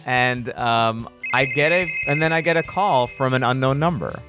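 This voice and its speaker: A comedian telling a story in casual podcast chat, acting out the other people's voices with big jumps in pitch. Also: male voice, moderate pace, over music. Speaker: comedian guest.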